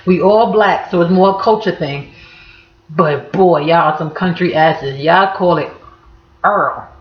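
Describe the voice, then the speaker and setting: A woman's voice: fairly low pitch, measured pace. Harlem woman explaining slang, mad blunt and cussing, echoey room, kinda muffled audio. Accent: Harlem, New York. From Harlem, New York City. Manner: blunt, profane, playful street talk. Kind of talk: casual slang explainer vlog.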